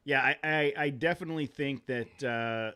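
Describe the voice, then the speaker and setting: A man's voice: mid-range voice, bright, forceful tone, clean tone. A man with a mid-range voice hosts a casual podcast. He asks his questions in an easygoing way, with some hesitant restarts. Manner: easygoing, halting questions, quick to laugh. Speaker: podcast host.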